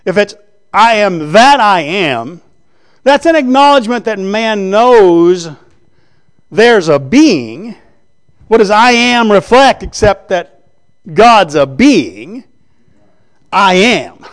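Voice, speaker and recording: A man's voice: high-pitched, expressive, takes it slowly, long pauses. A man preaching a Bible teaching sermon in a conversational way, often checking in with the listeners through rhetorical questions. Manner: writes on a board while teaching.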